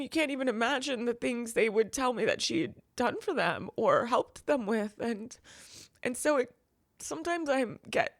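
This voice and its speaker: A woman talks through a painful family memory in an interview, bringing each remembered voice to life as she goes. Her voice sits a little high, and the sound is dry and close. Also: dry recording. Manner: animated, acts out quoted voices in storytelling. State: crying at times. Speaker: guest. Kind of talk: emotional personal interview.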